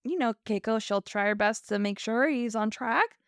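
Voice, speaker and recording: A woman's voice: on the high side, moderate pace, smooth, dry recording, clean studio sound. A woman co-hosting a podcast, recapping an episode in casual chat, laughing often and acting out the characters' lines. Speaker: podcast co-host.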